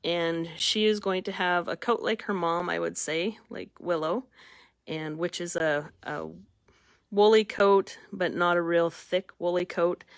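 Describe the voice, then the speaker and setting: A woman breeder talks in a relaxed, folksy way as she shows off young puppies, fond and chatty. Her voice sits a little low for a woman. The sound is dry and close, with no room echo. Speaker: dog breeder showing puppies. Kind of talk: casual chat.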